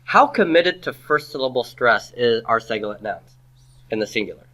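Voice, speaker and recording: A man's voice: medium pitch, expressive, moderate pace, pushed and bright. A man teaching a classroom grammar lecture, quizzing his students with rhetorical questions and dropping playful asides.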